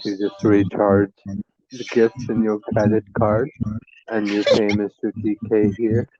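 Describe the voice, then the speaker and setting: A man's voice: lowish voice, level tone, unhurried, lo-fi sound, music in the background. A man co-hosting a podcast, teasing and profane in crude comedic banter. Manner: profane, teasing, laughs often. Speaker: podcast co-host.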